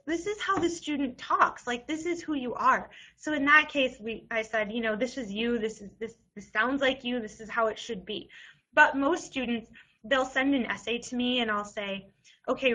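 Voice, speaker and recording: Bright, chatty young woman giving advice. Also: sits high, poor audio. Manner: chatty, lots of "like" and restarts. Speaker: college admissions essay advisor. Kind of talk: casual webinar advice.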